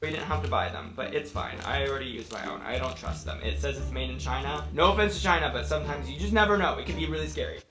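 A man's voice: a little high, quick pace, few pauses. A young man filming a home tutorial vlog, talking nervously and dramatically with frequent exclamations. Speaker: vlogger doing a home tutorial. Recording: roomy with music behind.

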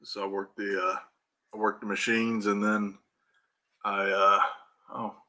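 A middle-aged man with a Midwestern American accent hosts a relaxed live stream, calling out viewers by name, cursing freely, and laughing a lot. His voice sits on the low side, with a flat, sharp-edged delivery at a measured pace. He's a livestreamer who also works as an EFI tuner.

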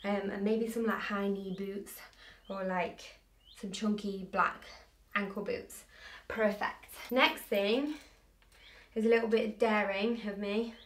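A woman's voice: medium pitch, fairly even intonation, takes it slowly. A young woman chatting in a casual clothing try-on haul, bubbly and hyped up. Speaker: fashion vlogger. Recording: roomy echo, distant mic, faint noise.

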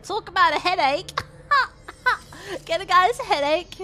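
A woman streaming games, excitable and playful, shrieking, swearing and putting on silly voices. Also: very high voice, slow pace, noisy background. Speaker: VTuber streamer. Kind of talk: gaming stream reactions.

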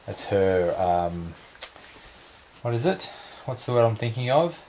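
A man's voice: lowish voice, big pitch swings, a little slow, a little mellow, a little hiss or hum, poor audio. A man, casually chatting to camera in a family vlog at home, playful and talkative. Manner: playful baby talk, chatty. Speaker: vlogger. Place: home bedroom at night.

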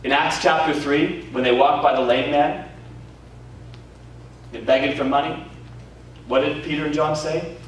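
Pastor preaching in an echoey hall. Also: male voice, on the high side, unhurried, pauses often. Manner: lively storytelling, acts out quoted voices, laughs often. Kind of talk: sermon. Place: community centre hall. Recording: very echoey hall, voice from far off, faint noise.

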